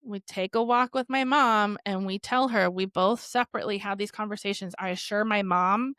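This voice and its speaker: A woman's voice: medium pitch, normal speed, fairly bright tone, smooth, dry recording, clean studio sound. A woman podcast host telling her own story candidly, rambling with lots of "like" and swearing freely.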